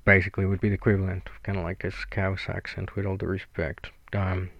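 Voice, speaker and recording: A man from Mexico with a Mexican accent, rambling through a solo podcast in a flat, sweary, self-mocking way. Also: low-pitched, fast, creaky, no room sound, dull audio. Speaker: podcast host.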